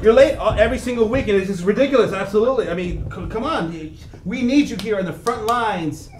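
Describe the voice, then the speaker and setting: Brief: man as a fed-up boss scolding, high voice, echoey noisy room. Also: quick pace, natural voice. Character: exasperated male boss. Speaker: improv performer. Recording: echoey room with background noise.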